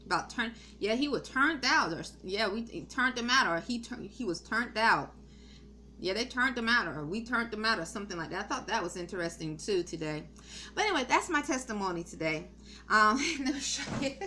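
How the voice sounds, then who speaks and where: A middle-aged woman speaks earnestly about spiritual matters in a rambling testimony, circling back with frequent ums and restarts. Her voice sits fairly high and sounds bright and sharp. A faint hiss of noise lies underneath. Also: animated, fairly quick. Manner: meandering, many ums and restarts.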